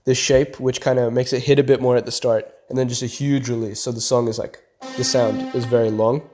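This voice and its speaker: A man's voice: medium pitch, flat delivery, a little fast, music in the background. A young man walking through how he builds a beat, talking casually step by step with lots of "kinda" and "like". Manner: laid-back, explains step by step with fillers like "kinda" and "like". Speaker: beat producer teaching a tutorial. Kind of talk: casual tutorial voice-over. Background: beat playing faintly under the voice.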